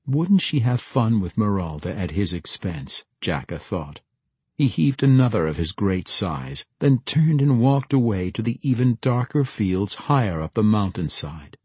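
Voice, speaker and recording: A man narrating a fantasy audiobook with expressive storytelling. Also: fairly low pitch, measured pace, husky, dry recording.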